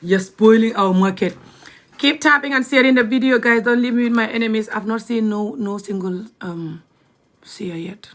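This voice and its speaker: A young woman with a Gambian accent speaks at normal speed in a slightly high, steady, somewhat bright voice. Her live-stream talk is casual and blunt, full of laughs and occasional whispering.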